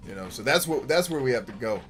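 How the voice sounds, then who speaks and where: A man of middling pitch hosts a gaming show, talking over his play in loose, unscripted commentary. He is blunt and swears freely, and he breaks into jokey asides. Game music runs softly behind him. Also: expressive, fast talker. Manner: blunt, profane and emphatic; laughs easily, jokey asides. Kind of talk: casual gameplay commentary.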